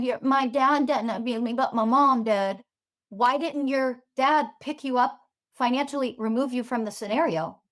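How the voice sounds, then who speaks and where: A woman with a fairly high voice delivers a fiery podcast monologue as a spiritual teacher. She swears freely and stacks one sarcastic rhetorical question on top of another.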